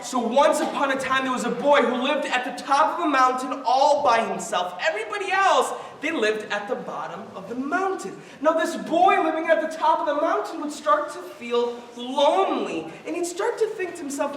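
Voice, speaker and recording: At a mosque family night, a male storyteller entertains children in a very high, bright voice with lively intonation, speaking at normal speed with few pauses. He is playful and theatrical, slipping jokes between the lines. The echoey hall is recorded from far off, and children in the audience call out.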